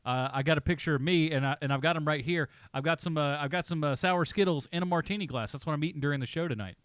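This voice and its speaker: Man, podcast co-host, casual movie chat, jokey, fairly high voice, dry close mic. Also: smooth, no room sound. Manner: jokey, quick to act out movie lines in silly voices.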